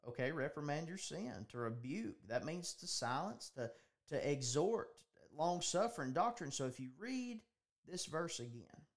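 A man's voice: on the high side, animated, a little slow. Earnest man preaching on a podcast. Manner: earnest, repeats words, restarts phrases. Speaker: podcast host. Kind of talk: preaching-style podcast talk.

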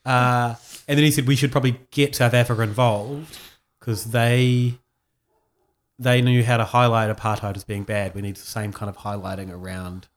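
A man's voice: medium pitch, flat delivery, normal speed. A man with a New Zealand accent co-hosting a casual podcast, rambling with frequent laughs. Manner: rambling, laughs often, many fillers. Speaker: podcast co-host. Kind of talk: casual chat.

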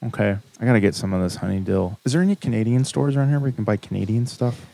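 A man with a gravelly, rough edge to his voice asks question after question in an easy, casual chat. His tone sits low and mellow, curious and relaxed as he works through a list. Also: rapid-fire, no echo. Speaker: host.

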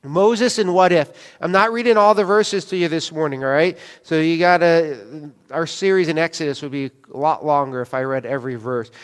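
Guy preaching in church, chatty, does the voices of people he quotes, kinda high voice, big echoey room. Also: clean tone. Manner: conversational preaching, acts out quoted dialogue. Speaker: pastor. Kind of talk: sermon. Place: church sanctuary. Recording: long church hall reverb.

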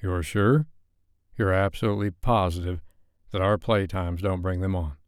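Commanding grown man, low and coaxing, voiced by the narrator. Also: steady tone, normal speed, clean tone, no echo, clean studio sound, close to an everyday voice. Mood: concerned.

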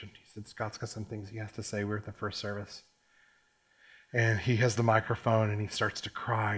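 A middle-aged man preaching a sermon, telling a personal story and acting out the quotes. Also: mid-range voice. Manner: animated storyteller, acts out quotes. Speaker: pastor.

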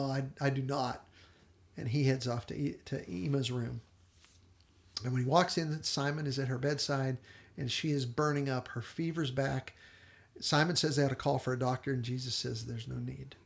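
A man co-hosting a podcast, animatedly retelling a TV episode and quoting the characters in quick little voices. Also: medium pitch, vocal fry. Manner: animated storyteller, quotes characters in brief voices, laughs often. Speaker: podcast co-host.

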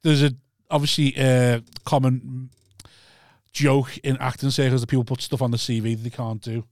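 A man's voice: medium pitch, flat delivery, moderate pace, a little mellow, no room sound. A man with a Scouse accent from Liverpool, hosting a podcast in casual banter and swearing casually. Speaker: podcast host.

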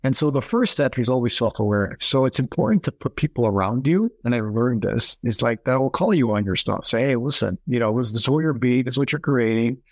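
A man talking as a podcast guest, animated and storytelling, acting out quoted voices as he explains. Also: mid-range voice, fast, hardly any pauses, no room sound. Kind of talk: conversational interview.

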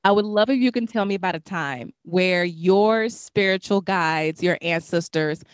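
A woman's voice: mid-range voice, dry recording. Young woman hosting a chat, acts out everyone's voices, dry sound. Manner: animated, acts out voices in her stories. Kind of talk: casual storytelling chat.

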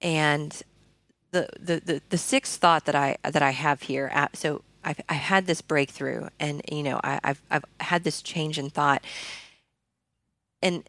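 A woman in her thirties tells her personal story in an earnest, conversational way, often restarting her sentences. Her voice sits low and carries a gravelly fry. The recording is dry and close. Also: fairly even intonation, unhurried, a bit bright, no echo. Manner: earnest, frequent fillers and restarts. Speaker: podcast guest.

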